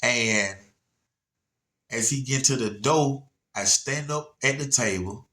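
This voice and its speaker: A man's voice: mid-range voice, slow pace, bright, forceful tone. A man telling a story casually to viewers, rambling and laid-back, often checking in with "you know what I'm saying". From Atlanta area, USA.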